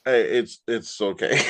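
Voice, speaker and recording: A woman's voice: rumbling low, very animated, slow. A woman hosting an interview, asking casual questions with hesitant "uh" starts and laughing along with her guest. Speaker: interview host.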